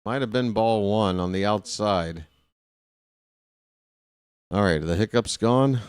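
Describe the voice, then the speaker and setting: Slow, dry-voiced male fan commentator. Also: on the low side, smooth, dry recording. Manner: rooting openly for his team, chatty. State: hiccups. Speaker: fan play-by-play host. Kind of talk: live fan play-by-play commentary.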